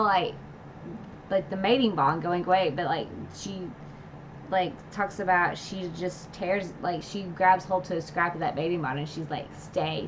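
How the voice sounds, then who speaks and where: A woman's voice: mid-range voice, slight background noise. A woman streamer casually recapping a novel's final chapters in a chatty way, with constant filler words and emotional asides. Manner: retells scenes with emotional asides and laughs. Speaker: book channel streamer. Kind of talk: casual livestream book recap. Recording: dull lo-fi stream audio.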